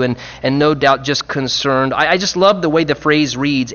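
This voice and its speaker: A man preaching a sermon in an earnest, reflective way, pressing on key phrases and slowing them down. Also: fairly high pitch, a bit bright, lo-fi sound.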